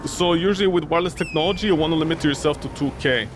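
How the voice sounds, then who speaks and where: A man's voice: fairly high pitch, racing, background noise. A young man streaming a game, rambling and ranting in exasperation, swearing often and sounding weary. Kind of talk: casual gameplay commentary.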